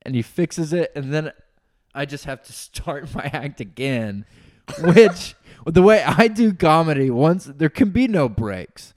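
A man, a stand-up comedian, telling a story in casual chat, animated and laughing, full of fillers. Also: on the high side, a little slow, a crowd in the background.

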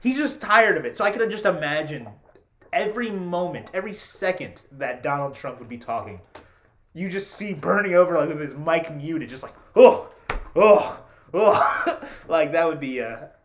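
A man's voice: a little high, normal speed, a little hiss or hum. A man hosting a podcast, telling stories in casual chat, acting out quotes and laughing often. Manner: animated storyteller, laughs often, acts out quotes. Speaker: podcast host.

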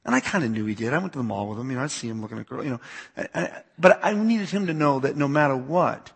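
A man's voice: mid-range voice, lively intonation, fast talker, creaky, husky. A youth pastor in his forties who grew up on the US East Coast, giving a talk to a church audience in a conversational manner, repeating words and asking listeners to raise their hands.

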